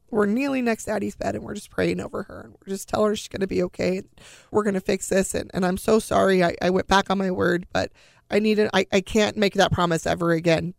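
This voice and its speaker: Woman guest with a heavily gravelly voice, earnest and emotional, dry close sound. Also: medium pitch, dry recording. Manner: earnest, restarts under strong emotion. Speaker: interview guest, bereaved mother. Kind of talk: emotional personal storytelling.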